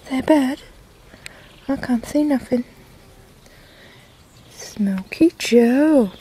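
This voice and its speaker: A woman's voice: sits high, slow pace, warm tone, a little hiss or hum. A woman filming her cat in a garden, cooing and teasing him in affectionate baby talk. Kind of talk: casual baby talk to a pet. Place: garden, outdoors.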